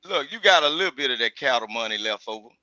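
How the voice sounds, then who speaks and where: A man's voice: medium pitch, animated, fast talker, bright, forceful tone, highs cut off. A man co-hosting a live stream, hyped and playfully hustling the chat for support.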